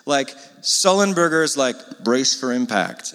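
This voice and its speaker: A pastor preaches in a relaxed, chatty way, often turning to the congregation with quick asides. His voice is bright and fairly high, and the long reverb of a large hall rings around it.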